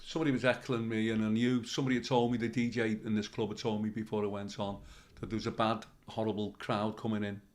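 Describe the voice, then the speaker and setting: A man's voice: on the low side, flat delivery, fast, hardly any pauses. Man telling wild stories. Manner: rambling anecdotal storytelling, swearing. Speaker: comedian guest. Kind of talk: storytelling in a podcast interview.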